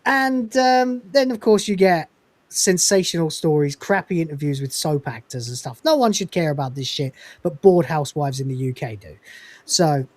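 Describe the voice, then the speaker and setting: A man's voice: on the high side, expressive, normal speed, a little mellow, no room sound. A man hosting a podcast, chatting casually in a rambling, sweary, loose way over an online call. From England. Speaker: podcast host.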